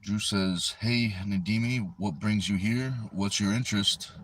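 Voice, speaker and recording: A man with a lowish voice and a fairly bright tone hosts a casual stream from his car, reading viewer comments aloud as he chats. He talks a little slowly into a phone propped on the steering wheel. Slight background noise can be heard.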